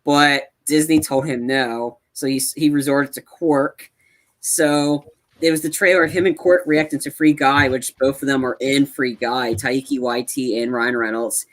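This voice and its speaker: A man co-hosting a casual movie podcast, rambling and excitable, with many restarts. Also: medium pitch, moderate pace. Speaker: podcast co-host.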